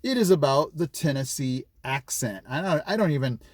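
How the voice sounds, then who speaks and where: A man's voice: a little high, lively intonation, normal speed, dry recording. A middle-aged man from California chatting casually in a vlog, rambling with lots of fillers and restarts. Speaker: vlogger.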